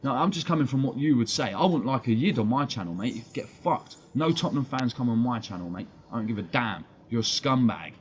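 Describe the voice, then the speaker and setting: Heated and combative, this English man swears his way through a blunt rant on a live fan stream. He speaks at a mid-range pitch, expressive and fairly quick, pausing little, over dull lo-fi audio with a faint hum of background noise.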